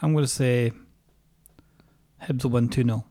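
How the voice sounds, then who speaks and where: A man's voice: mid-range voice, fairly even intonation, unhurried, mellow. A Scottish man co-hosting a casual football podcast, blunt and sweary, full of banter. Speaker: podcast co-host.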